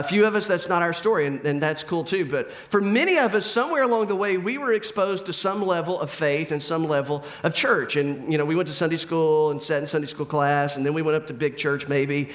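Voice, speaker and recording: A middle-aged man with a slightly higher voice preaches a sermon in a relaxed, conversational way. He jokes with the congregation and acts out little back-and-forth exchanges. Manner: conversational and humorous, acts out quoted dialogue. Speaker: pastor.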